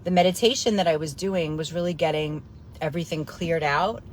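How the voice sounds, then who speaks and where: Blunt, excitable woman coach chatting. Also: low voice, fairly quick, slight background noise. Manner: blunt and swearing, excitable, goes off on tangents. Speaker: host, coach. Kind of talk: casual live-stream chat.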